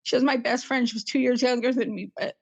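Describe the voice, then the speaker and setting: A woman's voice: a little high, steady tone, fast talker, creaky, a little mellow. Female guest, fifties, rambling personal recollection, muffled lo-fi audio. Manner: rambling, jumps between memories. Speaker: interview guest.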